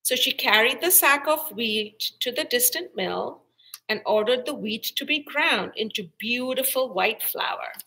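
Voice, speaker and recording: Lady librarian doing storytime, slow and bright, lots of up and down. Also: fairly high pitch, animated, breathy edge, poor audio. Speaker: children's librarian. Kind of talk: children's storytime reading.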